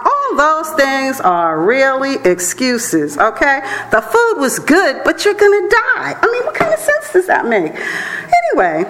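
A woman church elder preaching a sermon in a conversational, animated way, often breaking into laughs. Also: high-pitched, unhurried, rough recording.

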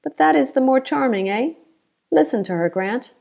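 A woman voicing a grinning Spanish male guard who mocks softly and menaces. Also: high voice, animated, normal speed, creaky, voice pushed up, heavily acted. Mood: mocking. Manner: soft-spoken, teasing.

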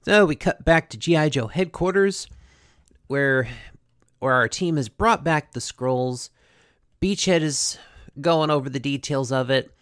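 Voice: medium pitch, a little slow, fairly bright tone, dry recording, clean studio sound. A host casually recapping a cartoon episode, chatty, with many fillers and asides.

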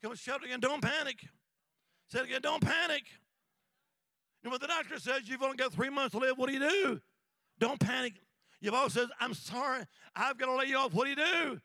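A man preaching a sermon as an evangelist, with rhythmic call-and-response that swings from shouts to hushed whispers in a church. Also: very high-pitched, fairly quick, no room sound. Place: church sanctuary.

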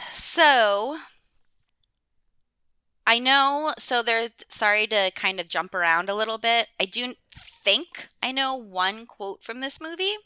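Bright, clear-voiced woman rambling casually. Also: on the high side, animated, slow, long pauses, dry recording. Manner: rambling, many "like"s, frequent laughs. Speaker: podcast guest. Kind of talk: casual chat.

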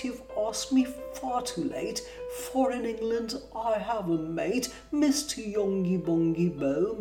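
A woman's voice: fairly low pitch, voice pushed up, heavily acted. A woman reading a prim, kindly lady who firmly turns down a suitor, in sing-song verse. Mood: regretful. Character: prim lady, kindly but firm in refusal. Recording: roomy distant mic with guitar music.

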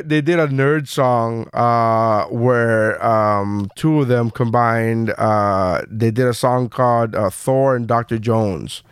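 A man's voice: mid-range voice, clean tone, dry recording, studio quality. A man in his thirties hosting a podcast in casual chat, rambling with many fillers and swearing. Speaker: podcast host.

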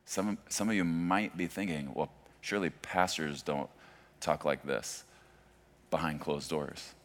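A man in his forties, a pastor preaching a sermon in a conversational way that swings from hushed to loud. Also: extremely low pitch, steady tone, unhurried.

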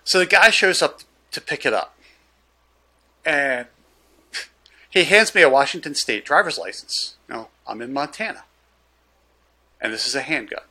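A man's voice: a little high, moderate pace, long pauses. A man, a gun dealer, telling a story in casual chat and acting out the dialogue. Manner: animated, loose storyteller who acts out the dialogue.

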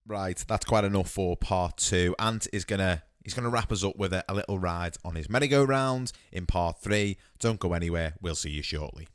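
Low-voiced jokey podcast host. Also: male voice, moderate pace, few pauses, smooth, no room sound, studio quality. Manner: jokey, interrupts, swears. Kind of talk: casual chat.

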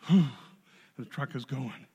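A man giving a spoken testimony to a church congregation, telling his story in a lively way and acting out the voices in it. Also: medium pitch, breathy edge. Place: church hall. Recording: long hall reverb.

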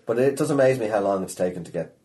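Low-voiced Irish man telling stories. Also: fast. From Ireland. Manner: animated storyteller, swears freely. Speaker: comedian guest. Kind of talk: casual conversation.

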